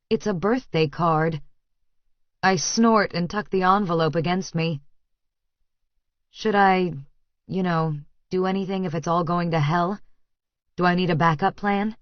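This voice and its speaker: A woman narrating a tense first-person audiobook in a steady storytelling voice. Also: on the low side, no echo. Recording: dry, slightly muffled studio recording.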